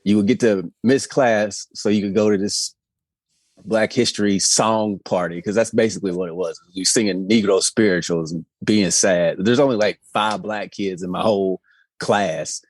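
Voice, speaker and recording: A man's voice: fairly low pitch, fairly even intonation, normal speed, no echo. A man from Indiana co-hosting a podcast, chatting casually with wry, profane griping. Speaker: podcast co-host. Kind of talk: casual comedic chat.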